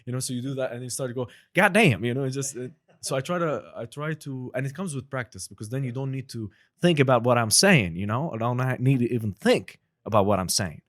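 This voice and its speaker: A man's voice: medium pitch, fast, few pauses. A man talking casually as a podcast guest, an impressionist who keeps saying "you know" and slips into voices. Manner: animated, breaks into impressions and accents; many fillers like "you know". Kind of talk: casual chat.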